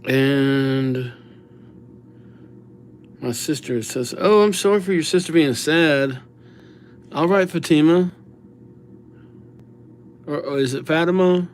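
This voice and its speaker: Man, unhurried delivery, casual live-stream chat, chatty, reads names aloud. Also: mid-range voice, a little hiss or hum. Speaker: livestreamer writing viewers' names.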